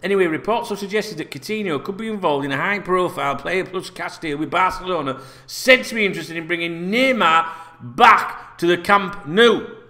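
A football news channel host rants through his stories casually, adding sarcastic, sweary asides. His voice sits high, sounds sharp, and moves at a normal speed.

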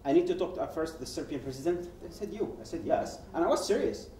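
Fairly high-pitched, expressive and mellow, this man talks fast over slight background noise. A guest speaker from Yemen, he gives personal testimony at a public event as a story, dramatizing quoted dialogue and restarting sentences frequently. He's in a roomy event hall, far from the microphone.

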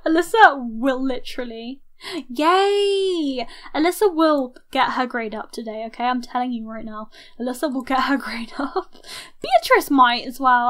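A young woman giving chatty let's-play commentary, reacting loudly to her game with gasps and laughs. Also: sits high. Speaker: gaming YouTuber.

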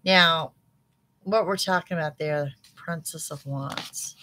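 A woman reading tarot cards for her viewers in an animated, chatty way, talking straight to them. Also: deep voice, slow pace, background noise. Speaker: psychic tarot reader.

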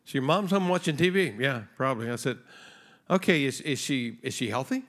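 A man's voice: a little high, expressive, normal speed, fairly bright tone. A man preaching a sermon in a conversational way, telling a story and acting out the voices in it. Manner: conversational, acts out dialogue in his stories. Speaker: guest preacher. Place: church stage before a congregation.

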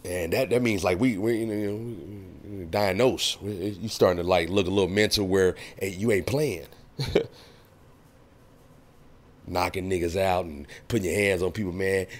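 A man's voice: low voice, moderate pace. A man hosting a casual commentary vlog, rambling, profane and chiding, with frequent laughs. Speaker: host.

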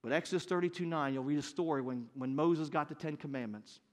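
A man in his fifties preaching a sermon as pastor, earnest and building to loud, emphatic bursts. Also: a little high, quick pace. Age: 50s.

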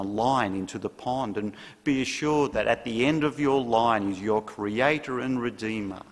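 A male pastor, preaching a sermon in an earnest, measured way with emphatic pauses. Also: mid-range voice, in a large hall. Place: church.

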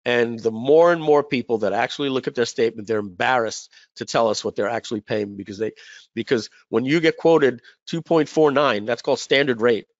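A man hosting a webinar talks a little fast in a mid-range voice, heard through a webinar call mic in a dry, slightly dull lo-fi recording. He tells a sales story casually and ramblingly, with lots of fillers and repeated words.

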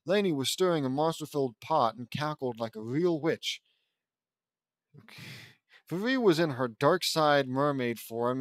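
A man's voice: mid-range voice, no room sound. A man reading fan fiction aloud as an audiobook, breaking in with sarcastic asides. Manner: sarcastic asides between passages. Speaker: audiobook reader.

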